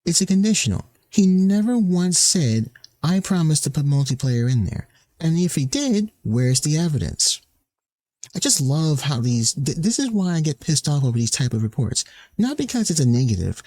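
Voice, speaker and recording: A man rants in angry commentary, swearing often and mocking the people he quotes. His voice sits a little high for a man. The sound is dry and close, with no room around it. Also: very animated, normal speed, mellow, no room sound. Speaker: streamer.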